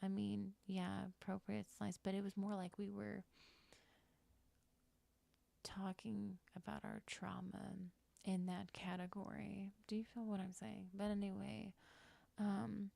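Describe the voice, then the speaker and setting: Gravelly-voiced woman telling a story on stream. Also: medium pitch, level tone, measured pace, warm tone, dry recording. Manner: candid, swearing, rambling with many fillers. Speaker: livestreamer. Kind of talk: casual storytelling on a live stream.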